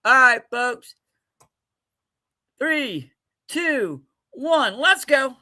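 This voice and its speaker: A man's voice: extremely high pitch, animated, extremely slow, sharp tone. A man hosting a casual livestream giveaway, joking loosely, laughing often and calling out to viewers by name. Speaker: livestream host running a giveaway.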